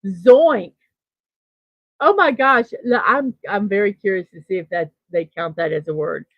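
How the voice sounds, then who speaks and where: A middle-aged woman hosting a casual morning livestream, thinking aloud and reading out chat messages with soft laughs. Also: mid-range voice, unhurried, no echo, highs cut off. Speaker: host of a daily morning livestream.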